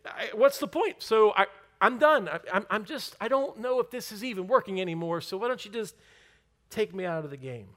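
A man's voice: mid-range voice, brisk, hardly any pauses, close to an everyday voice. A man voicing a frustrated, despairing male prophet who stammers out his complaints. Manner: pleading, exasperated, stammering complaints.

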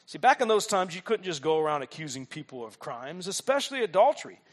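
A male pastor preaching with a high, very lively voice. He tells stories with humor and keeps checking in with rhetorical questions. His pitch swings widely from line to line. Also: fast talker. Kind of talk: sermon.

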